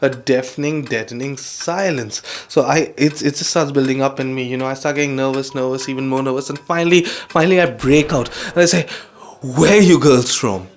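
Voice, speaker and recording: A young man from India telling a comic anecdote in a wry, deadpan way. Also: medium pitch, a little fast, few pauses. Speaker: storyteller. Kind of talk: comic storytelling. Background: music.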